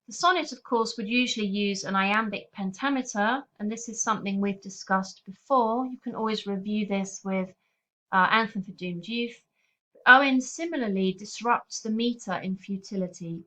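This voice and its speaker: A woman teacher giving a recorded poetry lesson over slides, explaining in a clear, steady, patient way. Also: mid-range voice, normal speed. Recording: slightly dull lo-fi audio.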